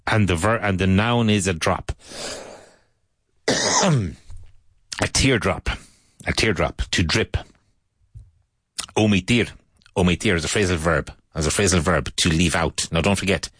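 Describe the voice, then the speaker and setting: A man from Ireland runs an English vocabulary lesson, speaking slowly and repeating each term for his learners. His voice sits very low. The recording is dry and close, with no room sound. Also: a bit bright, slightly rough, no echo. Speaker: English teacher.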